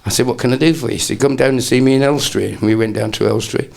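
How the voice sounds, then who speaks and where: A man's voice: mid-range voice, fairly even intonation, quick pace, vocal fry, a little mellow. An older man, a comedian guest, telling rambling anecdotes in a casual interview and slipping into impressions.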